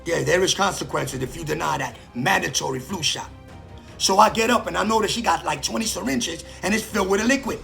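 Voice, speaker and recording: A man with a fairly high, gravelly voice tells his story in a casual spoken monologue. He is animated, acts out the other people's lines and swears without holding back. Faint music plays behind him. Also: brisk. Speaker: storyteller recounting prison life.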